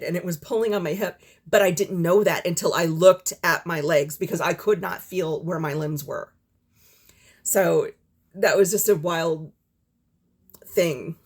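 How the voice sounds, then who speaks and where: Woman vlogger, low husky voice, candid and halting, talking at home. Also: darkish tone. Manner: candid, halting, with many fillers and swearing. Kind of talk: personal storytelling to camera. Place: home with doors and windows open, windy.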